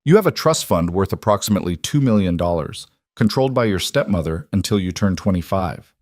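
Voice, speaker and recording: A controlled mafia boss speaks in a calm, matter-of-fact voice that sits low, played by a male narrator. He stays conversational and almost gentle. The sound is close and dry. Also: fairly quick, no echo. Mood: cold.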